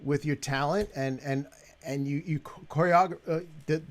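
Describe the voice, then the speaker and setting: A man hosting an interview show, asking questions haltingly with many restarts. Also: on the high side, fairly even intonation. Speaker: show host. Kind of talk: interview chat.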